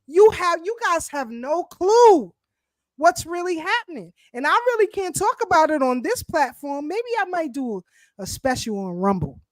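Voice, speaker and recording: A woman co-hosting a casual political talk show, speaking in an animated, emphatic way. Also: extremely high pitch, normal speed, no echo. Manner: animated, emphatic, speaks of herself as party founder. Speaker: show co-host.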